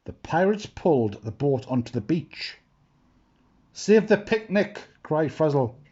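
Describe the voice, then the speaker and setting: A man slowly reading a children's picture book aloud, expressive and adding asides. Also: mid-range voice, husky, lo-fi sound. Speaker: storyteller.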